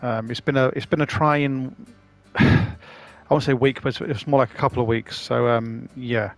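Male games host, mid-range pitch, gravelly edge, chatty casual commentary. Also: steady tone, fairly quick. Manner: chatty, rambling, self-deprecating. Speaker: gaming channel host.

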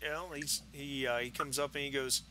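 Male game master, bright tone, halting narration for a tabletop game. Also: medium pitch, steady tone, a little hiss or hum, rough recording. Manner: halting, many fillers and restarts.

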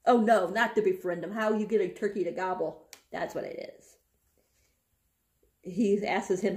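A woman's voice: mid-range voice, moderate pace, dark tone. Giggly woman reading from her book diary. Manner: reads passages aloud with frequent giggling. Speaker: book vlogger. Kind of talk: casual book reading and chat.

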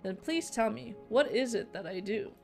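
A smug sea patrol leader in a narrative game boasts of his work with quiet menace, as a woman reads him out in her own voice. The delivery is even and self-satisfied. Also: a little high, moderate pace, creaky, faint music behind.

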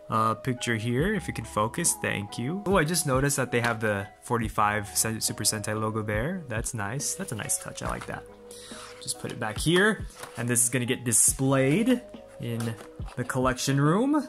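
A man casually talking through a toy unboxing, excitable and gushing, often laughing and exclaiming. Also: mid-range voice.

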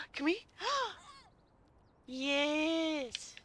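A woman's voice: high-pitched, steady tone, extremely slow, a bit bright. A woman playfully commenting on a game as she plays, seated and chatting to herself. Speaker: gaming channel host. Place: seated at home.

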